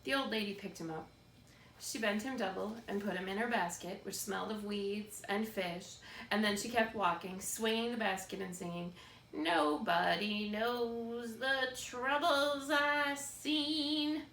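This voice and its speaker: A woman narrating a children's book in a steady, expressive read-aloud. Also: medium pitch, normal speed. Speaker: storybook reader. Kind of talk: scripted narration. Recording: roomy, distant mic, faint background noise.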